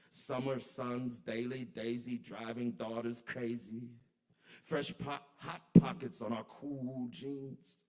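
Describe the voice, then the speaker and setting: A man at an open mic in a kava bar, performing spoken word poetry in a rhythmic, incantatory way that swings between soft and loud. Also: mid-range voice.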